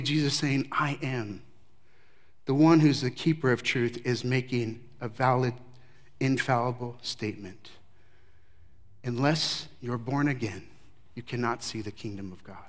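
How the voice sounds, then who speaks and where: A man preaching a sermon verse by verse, emphatic, with his voice swinging from loud declarations to hushed remarks. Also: medium pitch, a little slow, pauses often. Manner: emphatic, varies loudness widely, drops to hushed tones. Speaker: pastor. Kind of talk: expository sermon.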